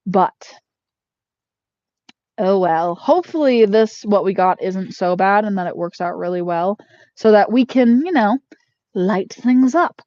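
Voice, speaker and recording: A woman's voice: mid-range voice, expressive, a little slow, long pauses, dark tone, no room sound. Chatty woman homesteader, dull lo-fi sound. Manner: chatty storyteller with many fillers. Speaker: homesteader vlogger. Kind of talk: casual vlog chat. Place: inside a barn.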